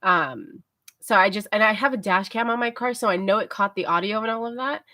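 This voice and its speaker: A woman's voice: medium pitch, fairly quick, bright, forceful tone, no room sound, clean studio sound. Tired, chatty woman storyteller. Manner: rambling, filler-heavy, self-talking. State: tired, mellow. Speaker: livestream host. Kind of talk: casual storytelling chat.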